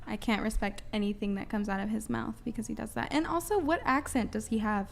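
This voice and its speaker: Blunt woman panelist, high-ish, fry. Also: fairly quick, a little hiss or hum. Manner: blunt and questioning. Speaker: panel guest. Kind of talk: casual chat.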